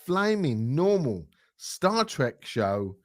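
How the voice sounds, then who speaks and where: Blunt, jokey male co-host; lively pitch, dry close sound. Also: slow pace, no room sound. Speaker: podcast co-host. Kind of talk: casual chat.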